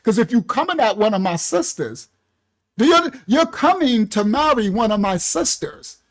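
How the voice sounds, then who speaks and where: A man's voice: extremely high pitch, very animated, normal speed. A man who leads a ministry, telling a story casually on a livestream, laughing often, using heavy slang and acting out other people's voices. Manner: acts out voices in stories. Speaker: ministry leader.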